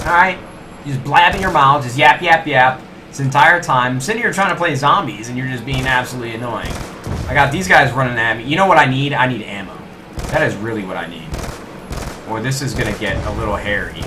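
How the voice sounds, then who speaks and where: Young man, gameplay commentary, lively swooping pitch, self-mocking, talks to viewers, steady noise behind. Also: a little fast. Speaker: gaming YouTuber.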